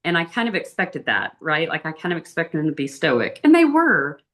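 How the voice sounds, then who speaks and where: A woman with a very low, deep speaking voice tells her travel stories in a casual interview. She is chatty and animated, her pitch jumping up when something delights her. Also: a little fast. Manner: chatty, animated storytelling with big pitch lifts. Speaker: interview guest.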